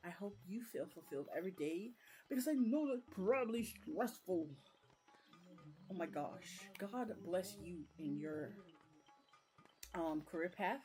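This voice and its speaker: A woman's voice: on the low side, expressive, a little slow, long pauses, mellow, faint music behind. Chatty young woman rambling casually. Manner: rambling, chatty, many fillers. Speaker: book vlogger. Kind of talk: casual live-stream chat.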